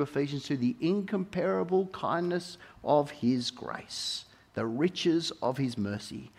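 Male preacher, mid pitch, sermon delivery, emphatic, repeats key lines, moves between quiet and loud. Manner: dynamic, swinging from soft to loud.

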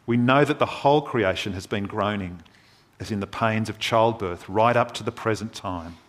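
A man preaching a sermon in an earnest, measured way, with dramatic pauses. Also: on the low side.

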